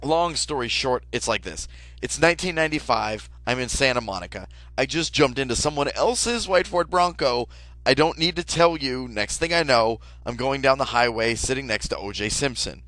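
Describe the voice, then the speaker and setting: A young man telling an absurd comic story in a casual, deadpan way, peppered with swearing and "like". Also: mid-range voice, normal speed, no room sound, poor audio. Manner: casual, deadpan, profane, lots of "like".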